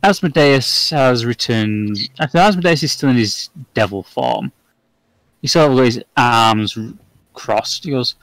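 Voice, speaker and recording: Male dungeon master, relaxed descriptive narration, slow pace, dry sound. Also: medium pitch, dry recording, rough recording. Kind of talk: narrating a tabletop game.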